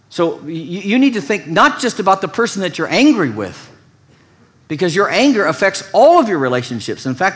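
A man preaching a sermon in a conversational way, often restarting phrases and adding emphatic asides to the congregation. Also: a little high. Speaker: pastor.

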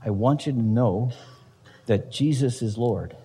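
A man's voice: medium pitch, unhurried, dark tone, slightly rough, in a large hall. A man preaching a sermon as pastor, emphatic, with rhetorical questions to the congregation.

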